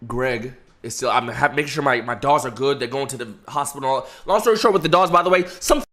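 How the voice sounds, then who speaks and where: A young man telling a long story to his chat in a casual, profane way, swinging from hushed to laughing. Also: medium pitch, fast.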